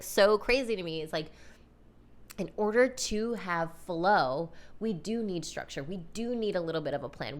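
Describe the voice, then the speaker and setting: A woman hosting a podcast, telling a personal story in a casual, animated, chatty way, full of "like" and "you know". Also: on the low side. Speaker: podcast host.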